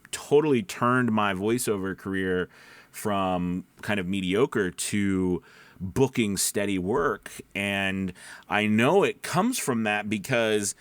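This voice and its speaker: Voice-over pro, male, low throat-placed delivery, rambling advice, dry close mic. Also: a bit bright, no room sound. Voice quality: speaks low from the back of the throat. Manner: rambling, drifts off topic and back. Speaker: voice-over actor. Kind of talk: casual advice talk to camera. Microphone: studio microphone.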